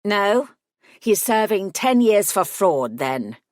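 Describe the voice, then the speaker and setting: A woman voicing a prickly male gremlin solicitor who talks in a sharp, scornful, clipped way. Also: mid-range voice, sing-song, slow pace, no room sound, clean studio sound, pitched above the performer's own voice. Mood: disdainful.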